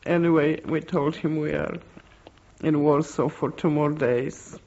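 An older woman speaks in a gravelly, creaky voice, taking her time over every phrase as she gives testimony. Her delivery is slow and halting, with pauses and restarts. The recording sounds dull and lo-fi. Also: deep voice, fairly even intonation, warm tone. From Poland. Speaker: interviewee. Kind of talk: oral history testimony.

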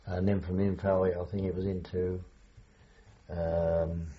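Older male interviewee, hesitant storyteller, low warm voice on a dull recording. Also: flat delivery, takes it slowly. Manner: rambling, hesitant, chuckles while recalling. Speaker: veteran interviewee. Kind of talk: oral history interview.

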